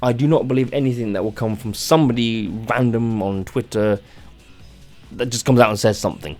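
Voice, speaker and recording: A tired man rants off the cuff on a gaming vlog, rambling and halting with many restarts and plenty of swearing. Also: mid-range voice, a little mellow, faint music behind. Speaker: gaming channel host. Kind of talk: unscripted rant vlog.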